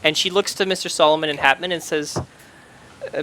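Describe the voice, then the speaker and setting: A man's voice: on the high side, steady tone, normal speed, sharp tone, slight background noise. A man narrating as game master of a tabletop game, loose and hesitant, with many fillers and restarts.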